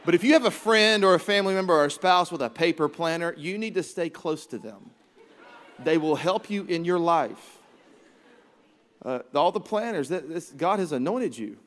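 A man in his thirties preaching a sermon to a church congregation, energetic and joking, now and then mimicking his children. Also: fairly high pitch, moderate pace. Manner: energetic, joking, acts out his kids' voices. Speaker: pastor. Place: large church auditorium. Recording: reverberant church hall.

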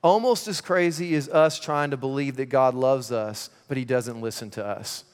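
A man preaching a sermon in church, conversational and energetic with laughing asides. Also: mid-range voice, moderate pace, smooth. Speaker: pastor. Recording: long reverb of a large hall.

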